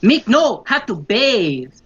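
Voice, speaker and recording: A man doing a squeaky little goblin boy. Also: very animated, takes it slowly, breathy edge, highs cut off, heavily acted. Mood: insistent. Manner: high squeaky broken talk about himself in third person. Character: small excitable goblin boy, broken speech.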